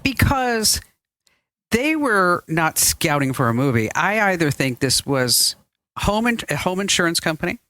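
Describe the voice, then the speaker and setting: A woman's voice: fairly low pitch, very animated, unhurried, a bit bright, no echo. A woman hosting a podcast in casual chat, chatty and laughing often, recorded in a studio. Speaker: podcast host. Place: studio with chairs.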